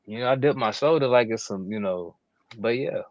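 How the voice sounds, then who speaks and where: A man's voice: fairly low pitch, brisk, no echo, dull audio. Man, podcast co-host, casual, rambling with fillers. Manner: rambling, lots of "you know" fillers. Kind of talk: casual chat.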